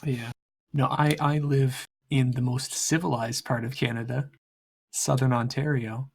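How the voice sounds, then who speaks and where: A man chatting casually between game sessions, talking haltingly, stumbling over his words and laughing as he goes. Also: medium pitch, level tone, creaky, a little hiss or hum. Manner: halting, stammers and laughs mid-sentence. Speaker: player.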